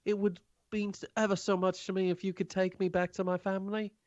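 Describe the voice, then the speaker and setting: A man putting on a tiny, high, squeaky mouse-person voice that stammers and pleads politely. The voice sits far above his own and comes through dull and lo-fi. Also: flat delivery, a little fast, darkish tone, no room sound, lightly acted. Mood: pleading.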